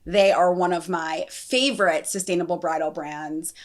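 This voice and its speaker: A woman's voice: lowish voice, fairly even intonation, moderate pace. A woman hosting a podcast, talking casually in a chatty, rambling way with many fillers. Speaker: podcast host.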